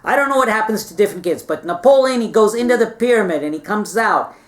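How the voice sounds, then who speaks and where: This man's voice sits high, and he speaks in an animated, fast way while retelling a piece of history. The story wanders, full of chatty, playful asides, and he keeps pausing to ask his listeners "all right?"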